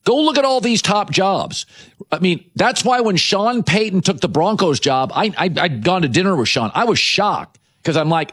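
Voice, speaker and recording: A man hosting a sports talk show, delivering an opinionated monologue with rhetorical questions and quick asides. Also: a little high, animated, fairly bright tone. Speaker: sports radio host.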